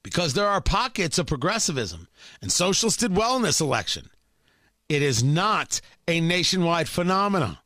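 A man's voice: fairly high pitch, big pitch swings, moderate pace, bright, forceful tone, no room sound, clean studio sound. A man hosting a political talk show, giving sarcastic, emphatic, incredulous commentary.

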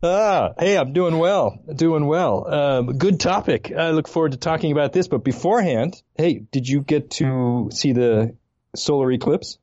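Animated man on a dull phone line. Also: on the high side, measured pace, dry recording. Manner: animated storyteller. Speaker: podcast co-host. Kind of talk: casual podcast chat.

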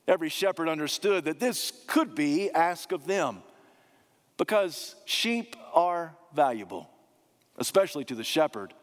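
A man preaching a sermon, emphatic, slowing down to repeat key phrases. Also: high voice, expressive. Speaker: pastor. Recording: long hall reverb.

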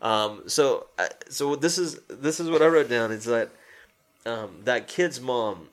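A man's voice: medium pitch, measured pace. A man in casual conversation, animatedly retelling a film scene, acting out the characters' lines, swearing and laughing often. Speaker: co-host discussing a film. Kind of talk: casual chat.

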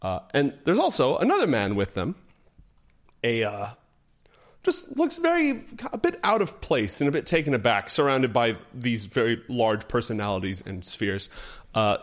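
A man narrating a tabletop game as game master, descriptive and self-correcting as he goes. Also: mid-range voice.

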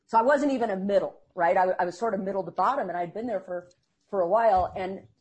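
Husky woman sales trainer, animated earnest storyteller in an interview. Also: mid-range voice, fast talker. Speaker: sales trainer and seminar speaker. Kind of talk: interview guest telling stories.

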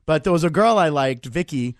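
Male comedian guest, forties, Pittsburgh-raised, lively animated storyteller, dry studio sound. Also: fairly high pitch, a little fast, no room sound. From Pittsburgh area. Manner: animated, acts out voices in his stories. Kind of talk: casual storytelling.

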